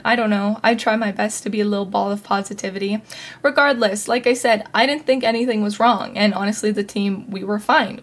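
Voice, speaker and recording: A young adult woman hosting a podcast, telling a personal story in a chatty, casual way with lots of fillers. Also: medium pitch. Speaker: podcast host.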